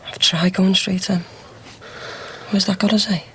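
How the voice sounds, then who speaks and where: A man's voice: high-pitched, little pitch movement, normal speed, background noise. An actor playing a cocky, boastful young ex-con in a TV soap, telling his story. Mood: scheming. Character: cocky young ex-con man, brash braggart. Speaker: small-time criminal. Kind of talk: TV soap drama acting.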